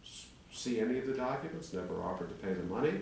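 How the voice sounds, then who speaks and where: A man's voice: medium pitch, lively intonation, fast talker, gravelly, darkish tone. A man in his sixties, an attorney, presenting a legal argument to a town commission in a formal public meeting. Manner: argumentative, building a legal case. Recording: echoey chamber, distant mic, faint hum.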